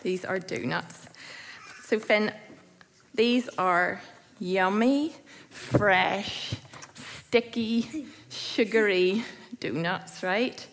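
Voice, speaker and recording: A woman's voice: medium pitch, drawn-out words. A young woman leading a children's church talk. She is playful and teasing and laughs often. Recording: echoey hall with long reverb.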